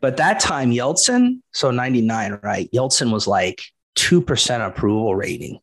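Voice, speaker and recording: A man's voice: mid-range voice, big pitch swings, moderate pace. A middle-aged man co-hosting a casual history podcast, jokey and laid-back, often tagging his points with "right?" and "bro". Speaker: podcast co-host.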